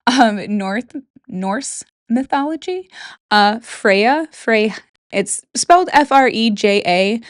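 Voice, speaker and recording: A woman's voice: mid-range voice, no room sound, studio quality. A young woman from Michigan, speaking with a Michigan accent, hosts a casual solo talk about folklore from her bedroom, chatty and joking with whispered asides. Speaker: podcast host.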